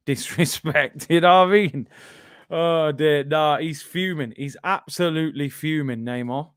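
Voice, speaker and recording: A man with a British accent hosting a live football watch-along, bantering excitably and reading out viewer comments. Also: on the high side, a little slow, no room sound, studio quality.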